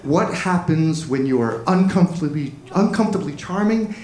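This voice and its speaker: A man's voice: fairly high pitch, lively intonation, moderate pace, darkish tone. Self-deprecating male stand-up comic. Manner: self-deprecating, chatty with the audience. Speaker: stand-up comedian. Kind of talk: stand-up comedy set. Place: comedy club stage. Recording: echoey club with crowd noise. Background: laughing audience.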